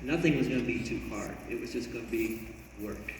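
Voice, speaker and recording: A man's voice: mid-range voice, a little fast. A man interviewing a guest, reflecting back on his path in an encouraging way before asking a question. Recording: echoey hall from far off, noisy.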